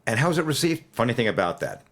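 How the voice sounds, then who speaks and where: A man in his sixties, a musician guest, telling stories in an interview, animated and acting out quoted lines. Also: medium pitch, very fast. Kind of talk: storytelling interview.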